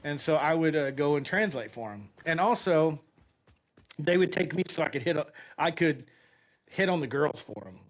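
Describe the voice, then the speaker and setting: A middle-aged man streaming a game, chatty and animated, often laughing as he tells a long story. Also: on the high side, normal speed. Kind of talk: casual storytelling while gaming.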